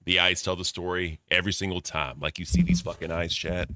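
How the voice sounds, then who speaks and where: A man's voice: low voice, level tone, a little fast, bright, forceful tone. A man giving mocking, profane reaction commentary, talking to his chat. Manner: addresses chat as bro. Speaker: streamer reacting to clips.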